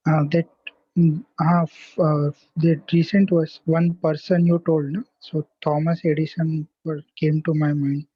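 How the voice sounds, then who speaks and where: A man in an online class explaining a thought in halting, stumbling speech. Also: on the high side, little pitch movement, breathy edge, no echo. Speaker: class participant. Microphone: video call, away from mic. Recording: distant, dull call audio.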